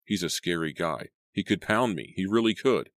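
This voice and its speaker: A man's voice: low-pitched, normal speed, fairly bright tone, no room sound, pitched above the performer's own voice. Guy reading a jumpy big teen boy, snappy, dry close mic. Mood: nervous. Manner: snappish, nervous. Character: big, anxious teenage boy.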